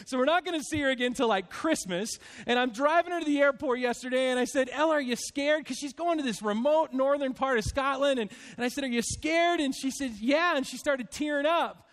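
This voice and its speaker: A man in his fifties, a pastor addressing his church congregation in a heartfelt, halting way, choked up with emotion. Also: very high voice.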